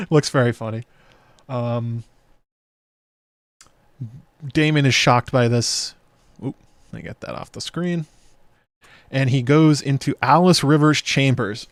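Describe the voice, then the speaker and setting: A man hosts a casual breakdown of a show in a middle-pitched voice. He talks it through in a chatty way, thinking out loud with fillers and restarts. The recording is dry and close, with no room sound. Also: no room sound. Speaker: show host. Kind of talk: casual episode breakdown with chat.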